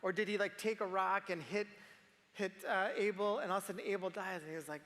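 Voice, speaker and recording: A man preaching a sermon in a conversational way, sometimes dropping to a hushed voice to make a point. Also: high voice, fairly even intonation, a little fast, long reverb tail. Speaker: pastor.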